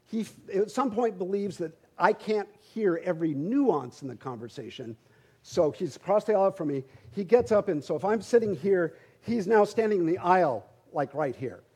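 A man's voice: sits high, lively intonation, moderate pace, a little mellow, breathy edge. A middle-aged man, a pastor, preaching a sermon through a humorous, conversational personal story, often repeating words as he starts sentences.

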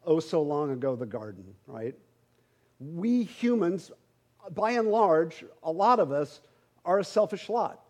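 A man's voice: on the high side, big pitch swings, unhurried, darkish tone. A middle-aged man, a pastor, preaching a sermon through a humorous, conversational personal story, often repeating words as he starts sentences.

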